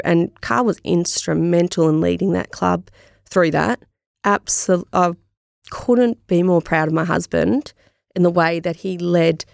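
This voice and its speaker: An Australian woman speaking as an interview guest, telling a personal story in a candid, animated way. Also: fairly low pitch, creaky, dry recording, studio quality. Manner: candid, animated, acts out remembered dialogue. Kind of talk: conversational storytelling.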